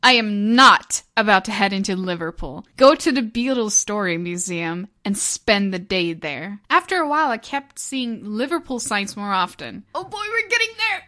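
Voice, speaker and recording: A young woman narrating an animated story vlog in an excitable, giggly, gushing way. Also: medium pitch, moderate pace, few pauses.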